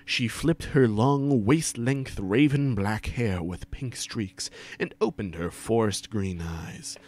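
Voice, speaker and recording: A man's voice: lowish voice, takes it slowly, a little mellow. A man giving an over-the-top comic reading aloud to friends, stumbling and swearing for laughs, on a desk mic during a voice call. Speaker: reader of a fan fiction for friends.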